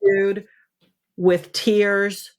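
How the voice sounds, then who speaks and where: A woman in her fifties, a podcast guest, talking in an emphatic, animated coaching way. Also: mid-range voice, slow pace. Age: 50s. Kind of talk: casual conversation.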